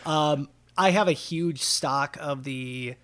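A man's voice: on the high side, slow, fairly bright tone. A man co-hosting a casual podcast, easygoing and modest, with frequent ums. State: winded after exercise. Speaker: podcast co-host.

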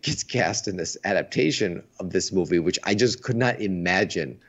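A man with a very low voice chats eagerly on a stream, stumbling and restarting his words as he gets going. The sound is dull and lo-fi. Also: moderate pace. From United States. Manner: enthusiastic, restarts words often. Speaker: stream co-host. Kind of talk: casual chat. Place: Asia.

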